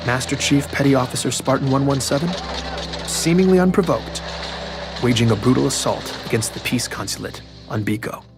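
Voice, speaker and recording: A man's voice: mid-range voice, natural voice. An actor playing an anxious male journalist in an audio drama, narrating in first person and stammering when nervous.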